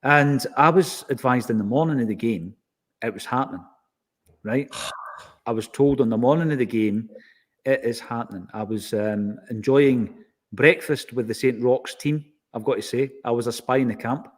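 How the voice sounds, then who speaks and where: A man with a Scottish accent tells a story in relaxed podcast conversation. His voice sits in an ordinary middle pitch, and he acts out the lines he quotes from the people involved. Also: moderate pace. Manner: animated anecdotal, acts out quoted exchanges. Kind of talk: casual storytelling.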